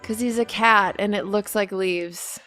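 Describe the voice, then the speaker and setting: A woman's voice: mid-range voice, measured pace, dry recording, faint music behind. A woman co-hosting a comedy podcast, telling stories animatedly, acting out what people said and swearing freely. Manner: animated storytelling, acts out quotes. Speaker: podcast co-host. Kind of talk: casual comedic chat.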